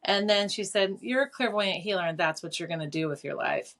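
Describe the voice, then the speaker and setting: A middle-aged woman telling her story as an interview guest, animated and casual, with lots of fillers and free swearing. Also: lowish voice, a little fast. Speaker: clairvoyant and teacher, guest.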